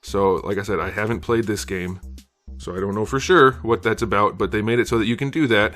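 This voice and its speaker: Over faint music, a sick toy reviewer speaks briskly in a lowish, fairly bright voice, slightly breathless as he covers an action figure. He rambles casually, hedging and using fillers.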